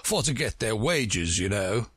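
A man's voice: lowish voice, measured pace, husky, dry recording, full character voice. A man doing a pompous, scornful know-it-all. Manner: pompous, contemptuous, lively lilting delivery. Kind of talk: storybook reading.

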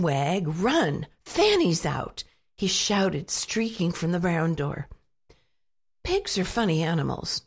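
Woman storybook narrator, lowish husky voice, very animated delivery. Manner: expressive read-aloud with lively pitch.

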